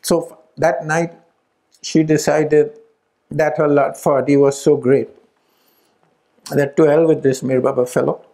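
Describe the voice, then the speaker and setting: A man's voice: fairly high pitch, little pitch movement, a little slow, pauses often, warm tone. A middle-aged man telling a family story at a gathering, acting out the voices of the people in it. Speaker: speaker at a spiritual retreat. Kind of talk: storytelling talk.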